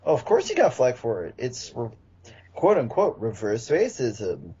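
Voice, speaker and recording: Blunt male co-host, mellow husky tone, muffled lo-fi recording. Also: medium pitch, wildly swooping pitch, unhurried. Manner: blunt, swears casually. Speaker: podcast co-host. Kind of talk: casual chat. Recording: dull lo-fi podcast audio.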